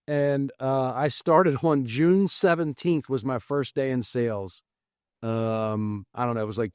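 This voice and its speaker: A man telling his career story as a podcast guest, lively and acting out the quoted dialogue. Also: mid-range voice, clean tone, no echo, clean studio sound. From United States. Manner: animated, acts out quoted dialogue. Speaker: podcast guest, real estate investor. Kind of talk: casual storytelling interview.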